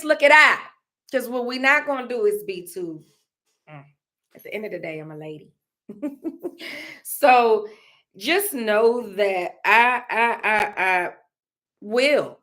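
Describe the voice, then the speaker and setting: A vlogger with a fairly high, fairly bright voice talks candidly to her camera. Her heartfelt, casual talk rambles, full of fillers and laughs.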